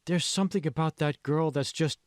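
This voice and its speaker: A blunt, wary young woman with a terse, skeptical delivery, voiced noticeably higher than the reader's usual tone by a man. Heard in a dry audiobook recording. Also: brisk, no echo, natural voice. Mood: suspicious.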